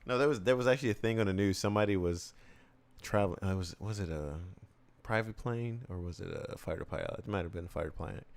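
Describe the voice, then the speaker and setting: A man's voice: on the low side, quick pace, creaky. An American man hosting a stream, chatting casually, joking and laughing often. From United States. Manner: laughing, joking, acts out silly voices. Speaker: streamer host.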